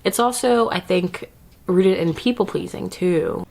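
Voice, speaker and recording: A woman vlogger giving casual self-care advice to camera, chatty and often laughing, with quick asides. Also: lowish voice, gravelly, darkish tone.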